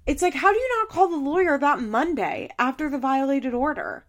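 A woman's voice: high voice, big pitch swings, normal speed. A young woman giving heated, exasperated casual commentary, full of "like" fillers and swearing. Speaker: reality TV commentator.

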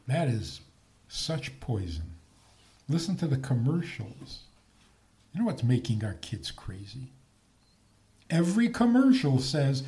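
A man's voice: mid-range voice, big pitch swings, slow pace, long pauses, warm tone. A man giving a lecture with humor, asking rhetorical questions and chuckling at his own points.

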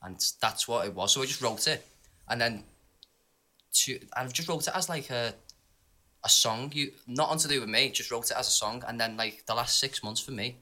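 A man's voice: medium pitch, normal speed, pushed and bright. A man, the guest singer, talking loosely about his song in a casual podcast chat. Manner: rambling, loose storytelling with fillers.

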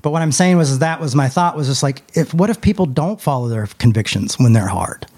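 A young adult man telling a personal story in a casual podcast chat, with his voice jumping up high when he quotes others. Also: a little fast. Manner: animated, rises high when quoting others. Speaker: podcast co-host.

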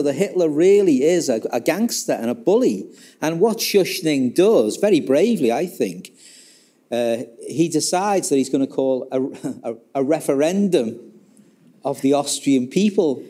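A man's voice: a little high, warm tone. A man talking casually about a history book, telling an episode as a story and acting out the quoted dialogue, with many restarts. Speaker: author discussing his book. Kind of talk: casual spoken history talk.

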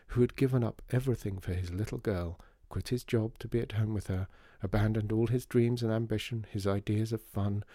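Low, mellow storyteller. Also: male voice, no echo, clean studio sound. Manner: calm, measured storytelling. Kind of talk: scripted story narration.

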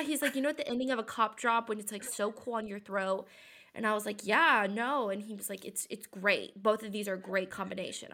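A woman co-hosting a podcast, telling a funny story in animated bursts with a sore throat. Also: medium pitch. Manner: animated storyteller, quoting others in lively bursts. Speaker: podcast co-host. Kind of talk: casual storytelling chat.

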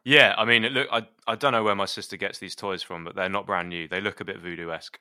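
Lower, bright co-host telling stories. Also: male voice, quick pace, clear, resonant tone, dry recording, clean studio sound. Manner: lively storyteller, laughs often. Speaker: podcast co-host. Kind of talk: casual podcast chat.

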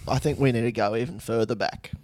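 A man's voice: medium pitch, fast talker, a little mellow, a little hiss or hum. A man with an Australian accent co-hosting a podcast, wry and laid-back, swearing in casual talk. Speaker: podcast co-host. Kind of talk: casual crude banter.

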